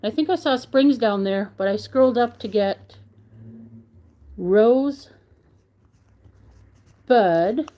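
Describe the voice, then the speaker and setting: A woman's voice: fairly high pitch, lively intonation, takes it slowly, pauses often, warm tone. A middle-aged woman, chatting casually on her crochet livestream and greeting viewers by name as she reads the chat. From Canada.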